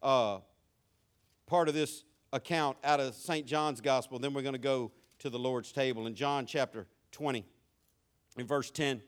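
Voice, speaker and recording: A man's voice: medium pitch, steady tone, measured pace. A male pastor, preaching a sermon in a folksy way that rises to fervent preaching.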